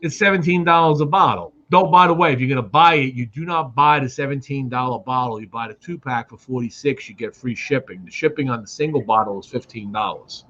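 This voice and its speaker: A man's voice: medium pitch, a little fast, hardly any pauses, fairly bright tone, muffled recording. A man in casual, profane live-stream chat who rambles and keeps asking "right?".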